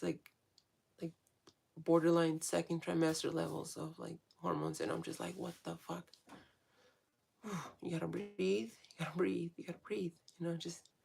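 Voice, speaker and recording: Woman vlogging, super gravelly fry-heavy voice, rambles and swears a lot. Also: fairly low pitch, darkish tone, a little hiss or hum. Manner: frank, swears freely, many fillers and restarts. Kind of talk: casual rambling monologue.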